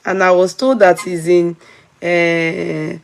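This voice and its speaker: A woman's voice: lowish voice, flat delivery, takes it slowly, creaky. A woman with a Nigerian accent hosting casual commentary, chatty and switching into Yoruba phrases. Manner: chatty, mixes in Yoruba, frequent laughter.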